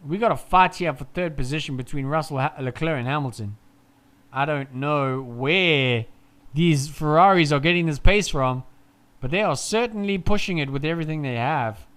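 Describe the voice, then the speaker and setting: A man calling a race live in a casual, chatty way, swearing freely as he goes. His voice sits high and sounds smooth and clean. He moves from relaxed chatter to loud, excited calls. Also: moderate pace. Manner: chatty, swears, swings from laid-back to shouting. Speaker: fan race commentator.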